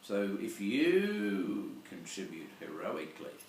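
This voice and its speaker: A man's voice: low voice, huge pitch swings, takes it slowly, vocal fry, darkish tone, a little hiss or hum. An older man, a Catholic priest giving a rambling, digressive Sunday reflection and often searching for words. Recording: echoey room, voice from far off.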